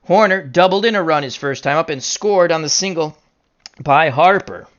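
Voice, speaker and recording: A man calling a tabletop baseball dice game as a jokey, excitable play-by-play announcer. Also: fairly high pitch, moderate pace, dull audio.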